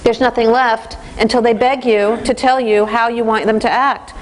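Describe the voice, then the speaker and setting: A woman giving a parenting training lecture in an animated way, acting out the voices of teens and parents. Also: a little high, moderate pace, slight background noise.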